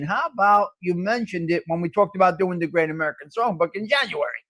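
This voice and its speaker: A man's voice: high-pitched, fast, a bit bright. A middle-aged man, hosting a live coffee chat stream and talking bluntly to viewers, joking and swearing freely.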